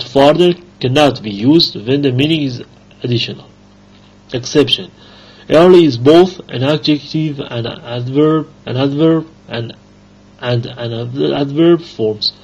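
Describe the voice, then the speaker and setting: A man teaching an English grammar lesson, reading rules and examples aloud slowly with pauses and fillers. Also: mid-range voice, a little mellow, husky. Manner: slow, halting reading with fillers. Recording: dull lo-fi recording.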